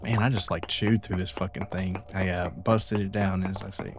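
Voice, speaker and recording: A laid-back male streamer with a lowish, flat voice, muttering easy asides while he plays a game. He talks in a relaxed, casual way. Steady background hiss and clicking come through his stream mic. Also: moderate pace. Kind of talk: casual chat while gaming. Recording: hissy stream audio with clicks.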